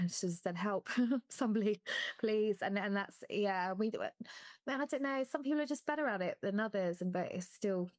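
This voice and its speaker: Her mid-range voice is animated and brisk as this former athlete opens up in an interview, laughing now and then and nearly crying at other moments. Emotion makes her voice catch, and the recording is dry.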